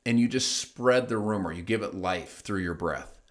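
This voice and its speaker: A middle-aged man with a lowish voice gives a motivational talk on his own show. He tells his story with emphasis and slips into the voices of the people he quotes. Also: moderate pace. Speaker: host. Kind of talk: motivational monologue.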